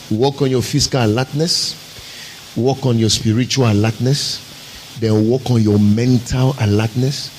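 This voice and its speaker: A man's voice: medium pitch, slight background noise, poor audio. A man pastor, preaching a sermon with emphatic, rhetorical repetition.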